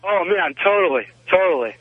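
A young man calling in to a talk show, telling a story in a rambling, excited way, full of "man" and "like". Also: high-pitched, a little fast, slight background noise. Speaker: caller. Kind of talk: phone-in storytelling. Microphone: telephone. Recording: tinny phone line, dry.

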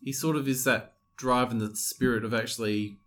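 A man's voice: medium pitch, steady tone, moderate pace, fairly bright tone. A man co-hosting a film podcast, chatting casually and mostly chiming in to agree. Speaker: podcast co-host. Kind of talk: casual chat.

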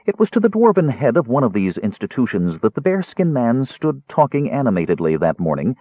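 Audiobook narrator: man with a low, husky voice and lively intonation, dry and thin like a phone line. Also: no room sound. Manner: measured storytelling, dropping low on asides. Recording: narrow tinny phone-like audio.

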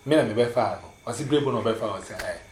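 A Ghanaian man recounts a family story in an animated, chatty way, jumping up in pitch whenever he quotes someone. His medium-pitched voice rings out in a roomy, echoey space with a faint hiss underneath. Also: racing. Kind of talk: casual storytelling mixing English and Twi. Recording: roomy echo.

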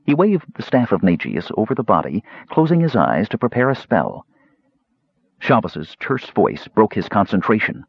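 Deep, husky man narrating a fantasy audiobook. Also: normal speed, no room sound, highs cut off. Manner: expressive, changing voices for characters.

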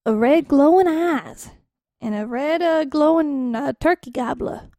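High-voiced woman spinning a goofy tale. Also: mellow, dry recording, studio quality. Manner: goofy tall-tale telling, drawn-out words, giggling. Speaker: co-host. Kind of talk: improvised comedy storytelling.

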